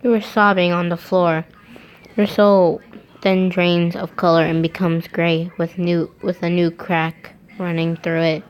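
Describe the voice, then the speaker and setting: A woman's voice: fairly low pitch, flat delivery, unhurried, a little hiss or hum, rough recording. A woman reading fan fiction aloud, breaking off to laugh and comment on it.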